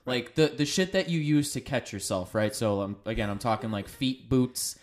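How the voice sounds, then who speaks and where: A man's voice: medium pitch, moderate pace. A man co-hosting a podcast, chatting casually in a profane, joking, rambling way. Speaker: podcast co-host. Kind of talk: casual chat.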